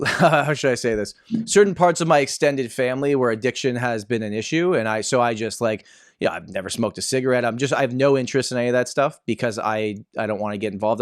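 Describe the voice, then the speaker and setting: A man in his thirties from Canada chats casually as a podcast host. He rambles through stories with fillers and restarts, and his medium-pitched voice sounds dry and close to the mic. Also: clear, resonant tone, no room sound. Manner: chatty storyteller with frequent fillers and restarts. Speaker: podcast host and real estate agent. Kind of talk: casual chat.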